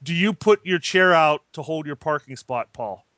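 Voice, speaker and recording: A man hosting a casual podcast, excitable and quick to laugh. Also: on the high side, dry recording. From southwestern Pennsylvania, USA. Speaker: podcast host.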